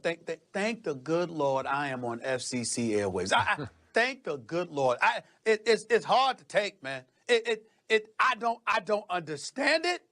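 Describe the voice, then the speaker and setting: A man's voice: sits high, fairly bright tone. A man on a broadcast sports debate, stammering in exasperation.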